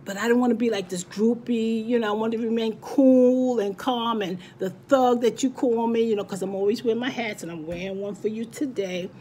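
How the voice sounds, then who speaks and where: A woman's voice: a little high, fairly even intonation, brisk, hardly any pauses, dark tone, slightly rough. A woman giving a heartfelt spoken birthday tribute to a friend, emotional, her voice cracking at times.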